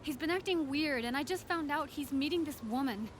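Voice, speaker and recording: An actress playing a worried wife asking a hero for help, in a video game. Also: female voice, high-pitched, brisk, slight background noise, lightly acted. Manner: anxious, pleading. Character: worried adult woman caller, anxious wife. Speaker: game character. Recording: game audio under loud music.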